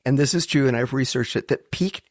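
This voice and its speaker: An older woman co-hosting a podcast, telling a story in a theatrical, animated way and laughing often. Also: very deep voice, brisk, dry recording, studio quality. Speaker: podcast co-host. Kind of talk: casual storytelling chat.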